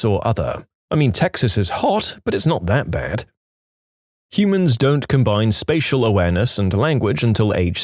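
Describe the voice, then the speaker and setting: A man reads listener posts aloud for a podcast, his pitch leaping up and down as he goes. He breaks in with dry, wry comments of his own between the items. The recording is close and dead dry, with no room sound at all. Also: no echo. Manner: animated reading with wry asides. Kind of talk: reading online posts aloud.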